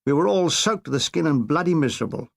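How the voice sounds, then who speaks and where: A man reading a comic war memoir aloud in a wry, deadpan way. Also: fairly high pitch, fast, gravelly. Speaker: narrator.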